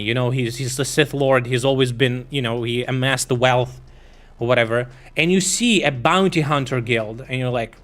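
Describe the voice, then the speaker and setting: A man's voice: mid-range voice, moderate pace, a bit bright, faint music behind. A man streaming, talking in a casual, meandering way with lots of swearing, fillers and restarts. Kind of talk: rambling casual stream chat.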